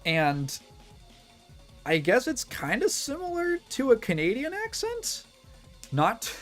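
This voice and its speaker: A man's voice: very high voice, wildly swooping pitch, slow, long pauses, soft background music. A man with a Midwestern accent chatting casually as a streamer, rambling, restarting sentences and laughing often. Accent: Midwestern American. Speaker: streamer reacting to a video. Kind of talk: casual chat.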